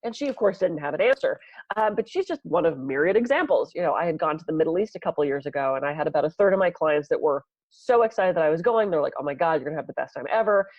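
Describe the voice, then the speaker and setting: Lively storytelling woman, low and dry. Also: fast talker, dry recording, highs cut off. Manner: animated storyteller, acts out quoted people. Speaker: podcast co-host, massage therapist. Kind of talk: casual podcast chat.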